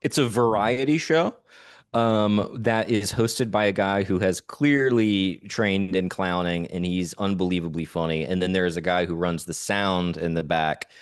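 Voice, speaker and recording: A man with a low, deep voice chatting on a podcast, rambling with eager enthusiasm as he recounts an evening out. His delivery is loose and conversational, with plenty of restarts. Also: a little slow, smooth. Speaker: podcast co-host. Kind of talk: casual chat.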